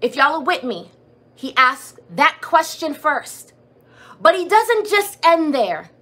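A woman's voice: high voice, very animated, slow pace, pushed and bright. A woman preaching a sermon and leading prayer, building her points through repetition and rhetorical questions. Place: church or streamed prayer service.

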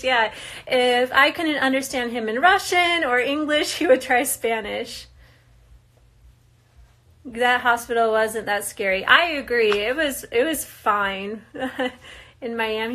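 A young woman from the US chats through a casual live question-and-answer session. She speaks unhurriedly in a slightly high voice. She reads each viewer question aloud before answering with easy, frequent laughter. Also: pushed and bright. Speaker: reality show cast member answering viewer questions.

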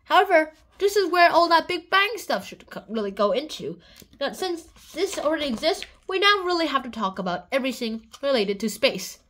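A woman's voice: high voice, big pitch swings, fairly quick, fairly bright tone. A woman narrating a science explainer in a playful way, breaking into little songs and silly voices. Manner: playful, jumps into sung bits and silly voices. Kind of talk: playful educational video narration.

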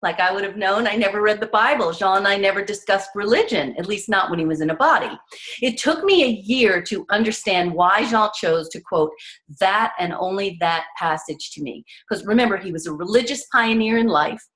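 A woman author, appearing as an interview guest, tells her personal stories with plenty of drive. She talks earnestly and emphatically, a little fast and a bit bright, at an ordinary middle pitch, and acts out the voices of the people she describes.

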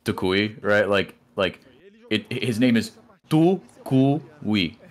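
Man, low voice, esports co-caster, casual rambling chat, animated. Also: a little slow. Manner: rambling, animated, many restarts.

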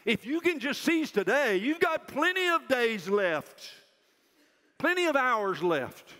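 Older male chapel speaker, forceful and high-pitched, preaching emphatically in a reverberant hall. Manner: loud, emphatic preaching that drops to a soft, self-mocking aside. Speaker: university president speaking at chapel. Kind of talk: chapel sermon to students.

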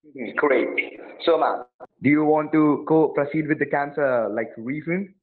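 A man's voice: on the high side, measured pace. A man playing a support agent on a phone call, pushy and threatening, repeating his demands over and over. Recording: tinny phone line.

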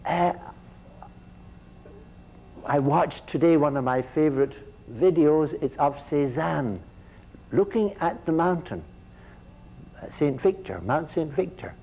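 A man's voice: on the high side, warm tone, a little hiss or hum, rough recording. A man giving a university lecture, often repeating his words as he restarts sentences and putting questions to the students.

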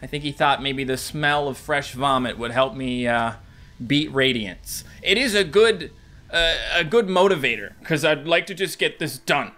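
A man in his thirties giving excitable, jokey let's-play commentary, talking to enemies and viewers. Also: on the high side, moderate pace. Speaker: gaming YouTuber.

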